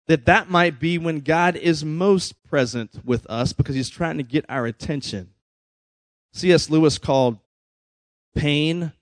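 A man's voice: fairly high pitch, no echo. A man preaching a sermon in a conversational way, often checking in with his listeners. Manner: conversational preaching, frequent "right?" asides. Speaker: pastor.

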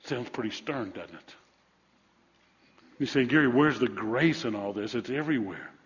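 A man's voice: medium pitch, animated, normal speed. Man in his 50s, pastor, earnest sermon, long hall reverb, muffled sound. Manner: earnest, swings from hushed to emphatic.

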